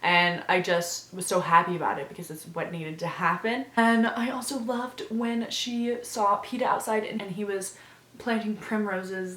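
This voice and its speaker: A woman's voice: medium pitch, a bit bright, echoey room. A woman vlogger giving a casual, effusive review, gushing and filling her talk with fillers.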